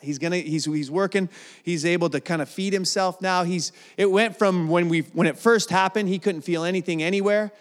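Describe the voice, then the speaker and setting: Middle-aged male testimony speaker, raised pitch, earnest with stumbling restarts, reverberant hall. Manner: earnest storytelling with emotional restarts. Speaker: guest speaker at a church service. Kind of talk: personal testimony sermon. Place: large church hall.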